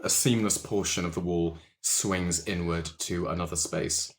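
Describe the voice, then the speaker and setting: A man narrating as game master of a tabletop game, relaxed and descriptive. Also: low voice, a little slow.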